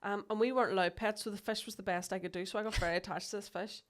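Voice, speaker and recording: A woman's voice: mid-range voice, fairly even intonation. A Northern Irish woman, a comedian co-hosting a podcast, teasing dryly in casual chat. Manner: dry, quick-witted teasing.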